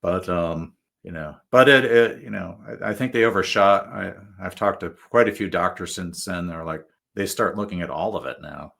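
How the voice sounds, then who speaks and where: A man's voice: deep voice, normal speed, vocal fry, hardly any pauses, a bit bright. A male guest telling stories in a casual, rambling way, full of fillers and restarts. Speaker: guest author. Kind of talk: casual storytelling.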